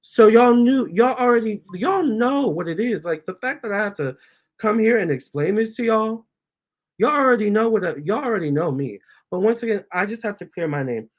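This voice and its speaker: A man's voice: sits high, lively intonation, moderate pace. A man, a tarot reader, chatting casually on his livestream, reading viewer comments aloud and cooing at his cats. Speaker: tarot reader and channel host.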